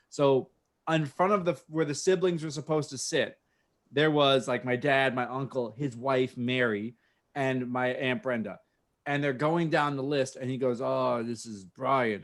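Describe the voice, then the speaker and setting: A man co-hosting a podcast, telling a rambling, profane story with frequent laughs from his home office. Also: medium pitch. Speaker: podcast co-host. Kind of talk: casual storytelling chat. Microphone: home office video call mic.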